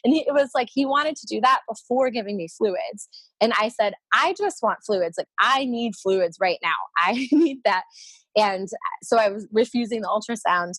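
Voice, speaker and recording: A woman tells a personal story in a casual chat, laughing often and slipping into the voices of the people she quotes. Her voice sits at a middling pitch and sounds dry and close to the mic. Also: lively intonation, normal speed, fairly bright tone, no room sound. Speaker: podcast guest.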